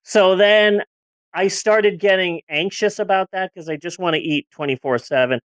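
A woman's voice: on the low side, moderate pace, no room sound. A woman in her forties chatting candidly on a podcast, rambling a little and restarting her sentences. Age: 40s. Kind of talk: casual podcast chat.

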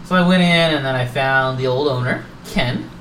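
Podcast co-host, male, lively storyteller who voices quotes and laughs; echoey room, mic set back. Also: medium pitch, normal speed, far from the mic, a little hiss or hum. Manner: animated storytelling, acts out quotes, swears, laughs often. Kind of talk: casual chat about collectibles.

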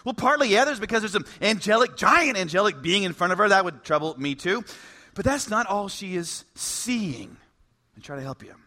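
A man preaching a sermon, in an animated, conversational way with bits of humor. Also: high-pitched, normal speed. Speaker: pastor.

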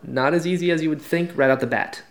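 A man's voice: on the high side, fast talker, vocal fry. A man hosting a podcast, asking questions with curiosity and answering "gotcha" and "interesting". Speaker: podcast host.

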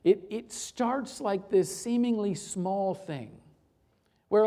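A man's voice: high-pitched, slow, warm tone. Emphatic male pastor preaching. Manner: emphatic preaching, repeats phrases for effect. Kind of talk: sermon.

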